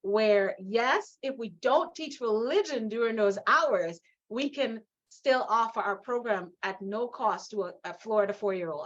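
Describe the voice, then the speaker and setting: Animated Guyanese woman telling her story. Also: a little high, normal speed, hardly any pauses, muffled recording. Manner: animated, emphatic, laughs often. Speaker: guest, leadership coach. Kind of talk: interview storytelling.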